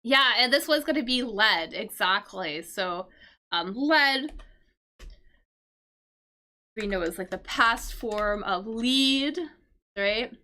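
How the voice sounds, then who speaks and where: Woman, English teacher, slow patient explanations, bright clear voice, fairly high pitch. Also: lively intonation. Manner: patient explaining, checks in with "right?"; reads and answers the live chat. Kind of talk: live-streamed vocabulary lesson.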